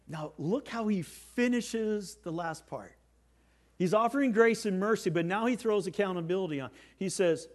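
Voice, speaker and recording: A man preaching a sermon as pastor, swinging from soft, slow lines to loud, emphatic ones. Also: high voice, sing-song.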